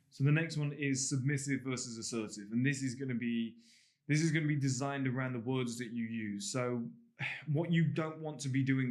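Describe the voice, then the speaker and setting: Casual man teaching to camera. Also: mid-range voice. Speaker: online course instructor. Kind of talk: casual spoken lesson to camera. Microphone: talking to camera.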